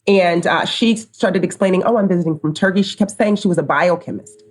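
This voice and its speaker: A middle-aged woman from the United States, speaking low as a podcast guest. She tells her story casually and brings each quoted person to life. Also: brisk. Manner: animated storyteller, acts out quoted dialogue. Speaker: company co-founder, podcast guest.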